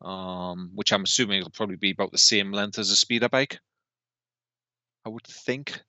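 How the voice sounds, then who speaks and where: Chatty man with a bright, dry voice. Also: lowish voice, moderate pace, dry recording, dull audio. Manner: chatty, asks questions, trails off and restarts. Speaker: podcast co-host. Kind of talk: casual chat.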